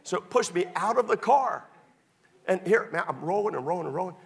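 A man preaching a sermon, telling stories with big swings from loud to hushed. His voice is husky and gravelly, and his pitch moves widely. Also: expressive, fairly quick. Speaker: pastor.

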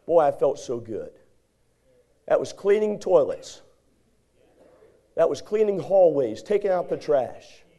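High-voiced folksy male preacher. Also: a little slow, long pauses. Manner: folksy, animated storytelling with acted voices. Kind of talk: sermon with a personal story.

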